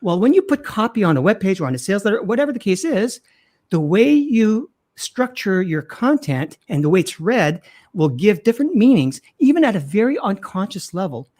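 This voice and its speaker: A middle-aged man, a guest copywriter, talking in an interview with animated emphasis and frequent restarts. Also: high-pitched, brisk. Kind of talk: interview conversation.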